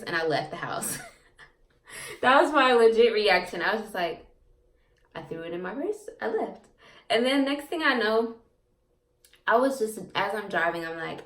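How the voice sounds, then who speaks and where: A woman's voice: lowish voice, fairly bright tone, far from the mic. A young woman vlogger casually telling a personal story to her viewers, chatty and rambling with lots of fillers and repeats. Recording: echoey room, off-mic.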